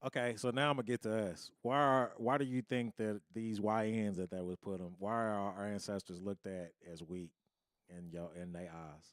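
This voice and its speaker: A man with a fairly low voice recorded dry and close. He talks casually on a podcast, asking blunt questions and cursing freely. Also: fairly even intonation, moderate pace, dry recording. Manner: blunt, swears, asks probing questions. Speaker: podcast co-host.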